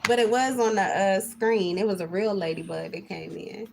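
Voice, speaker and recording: A woman's voice: medium pitch, moderate pace, creaky, darkish tone, a little hiss or hum. A woman giving a spiritual card reading in a casual monologue, emphatic and heavily profane. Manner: emphatic and heavily profane, swinging between intense and laughing.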